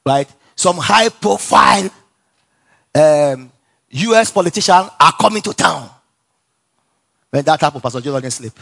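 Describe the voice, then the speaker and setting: Somewhat high-pitched and gravelly, a Nigerian-accented man preaches a little slowly with frequent pauses. His sermon is animated storytelling, full of laughter, repeated phrases and calls for the congregation to respond.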